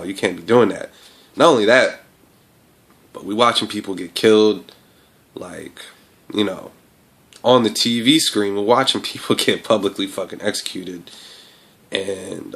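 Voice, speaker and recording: A man with a fairly low voice, ranting straight to camera in a vlog. He talks with passion and plenty of swearing, and he pauses on frequent "um"s and "uh"s as he goes. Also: creaky, fairly bright tone. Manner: impassioned and profane, with many fillers. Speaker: vlogger.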